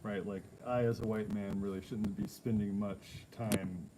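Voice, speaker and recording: A man's voice: fairly low pitch, fairly even intonation, measured pace, heavy background noise. A man co-hosting a casual livestream outdoors at home with his wife, making dry, wry asides. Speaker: livestream co-host, husband. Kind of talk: casual live chat.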